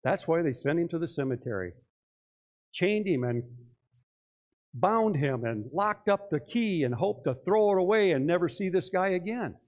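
A man's voice: fairly high pitch, animated, moderate pace, darkish tone. A male pastor preaching a sermon in church, talking conversationally and putting many questions to his listeners.

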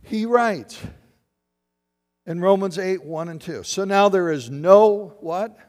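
A man's voice: high voice, slow pace, darkish tone. A man preaching a sermon as a pastor, putting questions to the congregation and answering them. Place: church sanctuary. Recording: long hall reverb.

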